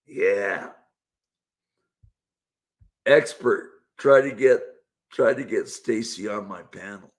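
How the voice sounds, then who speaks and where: A man's voice: on the low side, slow pace, pauses often. A man hosting a casual live-stream panel show, laid-back and chuckling as he coaxes guests to join. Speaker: livestream show host.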